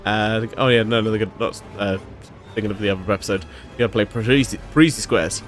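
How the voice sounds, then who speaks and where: A man's voice: lowish voice, steady tone, fast, soft background music. A man giving a casual, rambling solo recap of a TV episode, full of fillers, restarts and swearing. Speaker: episode reviewer.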